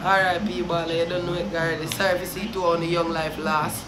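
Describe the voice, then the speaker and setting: A young woman with a Jamaican accent ranting in heated, cursing commentary, swinging from low sorrow to shouting. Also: flat delivery, fast, roomy sound, background noise. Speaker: vlogger.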